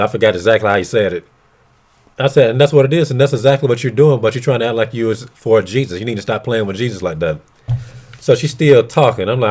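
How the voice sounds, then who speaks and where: A man's voice: fairly low pitch, a little mellow. A man ranting bluntly and profanely to camera, retelling an argument with quoted back-and-forth. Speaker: vlogger. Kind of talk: casual ranting monologue.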